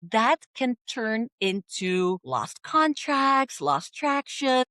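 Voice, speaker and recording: A woman, a communication coach speaking lively as a podcast guest. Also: on the high side, drawn-out words, no echo, clean studio sound. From Netherlands. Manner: lively, acts out quoted voices. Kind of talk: podcast interview.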